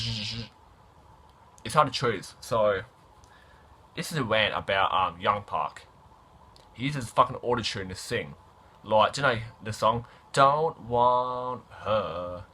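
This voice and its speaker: A man's voice: lowish voice, sharp tone, husky. A man giving an offhand, casual rant about songs as a guest reviewer. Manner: offhand, keeps saying "mate".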